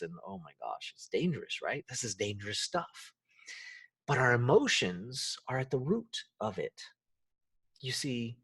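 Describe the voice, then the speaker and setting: A man hosting a solo self-help podcast, talking in an animated way and acting out the quoted voices and reactions. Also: on the low side, breathy edge, recorded from a distance. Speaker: podcast host.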